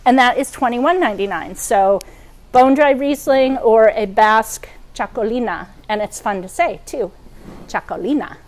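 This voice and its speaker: A woman's voice: a little high, moderate pace, darkish tone, poor audio. A woman hosting a cooking demonstration, chatty with frequent ums, over pans sizzling and utensils clinking. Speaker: cooking show host. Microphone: wearing a microphone.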